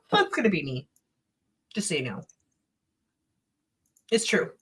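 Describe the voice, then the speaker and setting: A woman's voice: on the low side, huge pitch swings, takes it slowly, husky. A woman with a Minnesota accent hosting a casual late-night livestream chat from home, joking, laughing and swearing freely. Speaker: livestream host.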